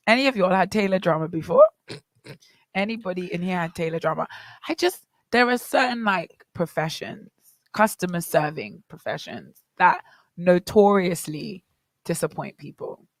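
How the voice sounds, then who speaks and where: A young woman with a Bahamian accent co-hosting a morning radio show, telling stories in a lively way and often calling out to her listeners. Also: on the low side, normal speed, no echo. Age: young adult. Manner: animated storytelling, preacherly asides to listeners. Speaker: radio co-host. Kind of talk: casual morning radio chat. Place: radio studio.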